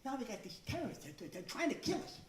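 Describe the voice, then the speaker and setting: An older man doing stand-up, growing exasperated and shouting his punchlines. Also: very high-pitched, big pitch swings, quick pace. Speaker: stand-up comedian. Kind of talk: stand-up routine. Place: club stage before a live audience. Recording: echoey room, far from the mic.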